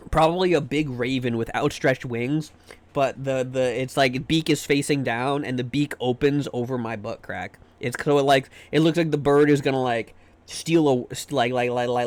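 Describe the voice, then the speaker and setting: A man streaming live, chatting casually and joking with his viewers, often trailing off into repeated fillers. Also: medium pitch.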